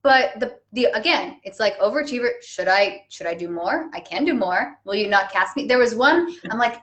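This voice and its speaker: A woman actor chatting casually on a live stream, telling animated stories and laughing at herself. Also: fairly high pitch, normal speed, hardly any pauses. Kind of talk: casual chat. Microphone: webcam on a live stream.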